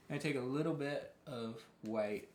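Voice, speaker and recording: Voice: medium pitch, slow, darkish tone, slight background noise. A painting instructor teaching a live tutorial in a chatty, encouraging way, often restarting sentences. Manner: chatty, self-correcting, encouraging. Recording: roomy, echoey room.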